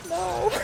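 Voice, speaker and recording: Giggly woman co-host on a game stream, slow unhurried talk, light music behind. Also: very high-pitched, gravelly. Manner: giggly, laughs often and hard. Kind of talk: casual chat over gameplay.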